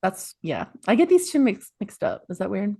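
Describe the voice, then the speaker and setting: A woman's voice: mid-range voice, very animated, normal speed, creaky, warm tone, breathy edge, no room sound. Giggly young woman cohost, playful chatter, dry sound. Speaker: podcast co-host. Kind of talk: casual chat.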